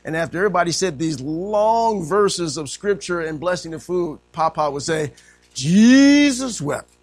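A man preaching a sermon in a conversational way. He often says amen and voices quotes by pitching up. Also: moderate pace, no room sound. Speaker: pastor.

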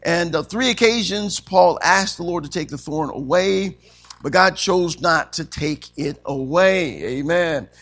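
A man's voice: fairly high pitch, a little slow, a bit bright. A man preaching a sermon as pastor, asking the congregation questions and punctuating with frequent amens.

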